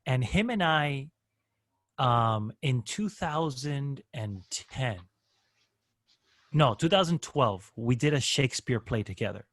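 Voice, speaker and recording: A lively man tells stories in an easygoing way, often breaking into other people's voices and accents. His voice sits in the middle of the range, and it is recorded dry and close. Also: mid-range voice, slow, no room sound. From Miami area. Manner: animated, slips into voices and accents while telling stories. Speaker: improviser and guest. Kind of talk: casual storytelling.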